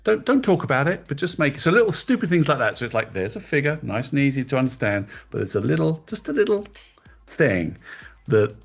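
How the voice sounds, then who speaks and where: A middle-aged man from England, a guest in an interview, telling animated, emotional stories about his past in casual chat. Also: mid-range voice, a little fast, gravelly, breathy edge, faint music behind. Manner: animated storytelling, emotional, self-deprecating. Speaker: guest, toy designer.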